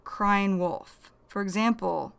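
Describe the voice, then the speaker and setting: A woman teaching English vocabulary, explaining idioms slowly and deliberately and repeating each phrase. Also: medium pitch, vocal fry, fairly bright tone, clean tone.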